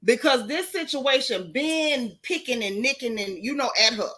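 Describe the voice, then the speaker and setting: A woman's voice: fairly high pitch, animated, moderate pace, a bit bright. A woman hosting a casual live stream, chatting and greeting viewers by name with down-home slang.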